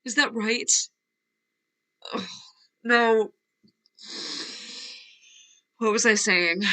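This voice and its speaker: Actress as tearful young Nina. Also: female voice, mid-range voice, pushed and bright, clean tone, low-quality recording. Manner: wavering, laughing through tears, trailing off. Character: young actress Nina, fragile, restless, wistful. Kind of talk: virtual play reading. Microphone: video call.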